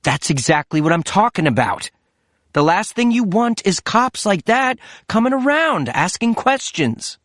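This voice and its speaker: A man's voice: high voice, very animated, a little slow, fairly bright tone, no room sound, clean studio sound, pitched above the performer's own voice, heavily acted. A man voicing a curt, irritable father. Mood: irritated. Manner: curt and impatient.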